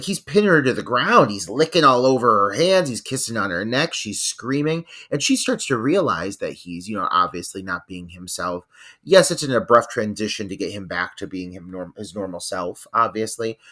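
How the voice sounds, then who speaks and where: A man co-hosting a podcast, discussing a film with enthusiastic, animated opinions. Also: medium pitch. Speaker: podcast co-host. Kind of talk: casual movie discussion.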